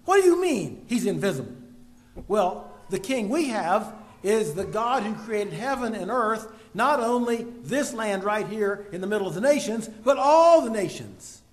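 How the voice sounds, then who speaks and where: A man delivering a sermon, asking the congregation rhetorical questions and breaking into sudden loud emphasis. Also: sits high, expressive, a little slow. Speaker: preacher.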